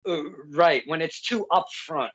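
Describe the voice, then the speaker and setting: Casting: man host, slightly high voice, rambling storyteller who stammers, dull lo-fi audio. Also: a little slow, a bit bright. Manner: rambling, stammers and restarts, laughs while telling stories. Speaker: podcast host and local wrestling ring announcer. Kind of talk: casual interview chat.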